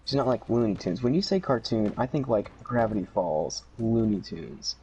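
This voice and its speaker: A man's voice: on the low side, lively intonation, moderate pace, dark tone, lo-fi sound, slight background noise. A man on voice chat with friends, making dry jokes in a casual way.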